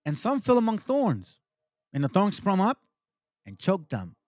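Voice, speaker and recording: A male preacher, talking casually with plenty of slang as he reads verses and breaks them down. His pitch swings widely and sits a little high for a man. The sound is close and dry. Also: huge pitch swings, measured pace, no room sound. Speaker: preacher teaching scripture. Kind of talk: informal scripture teaching.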